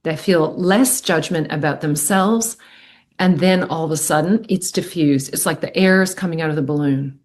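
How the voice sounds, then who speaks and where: A middle-aged woman speaking as a podcast guest, earnest and animated, often acting out what people say. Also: sits low, moderate pace. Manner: earnest, animated, acts out quoted speech. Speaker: podcast guest, medical intuitive. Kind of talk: reflective podcast conversation.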